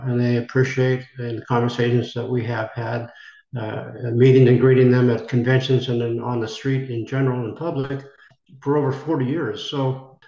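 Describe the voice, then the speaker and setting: A man's voice: mid-range voice, darkish tone. An older American man, an actor being interviewed, telling a rambling story and acting out the voices of people he quotes. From United States. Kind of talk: conversational storytelling. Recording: roomy, dull lo-fi sound.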